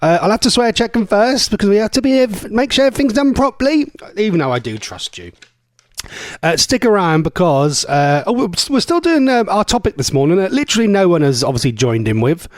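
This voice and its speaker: A man's voice: high voice, very animated, a little fast, no echo, clean studio sound. A man hosting a live local radio show, chatting casually and rambling with self-mocking asides. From England. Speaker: radio host. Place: radio studio. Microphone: studio mic.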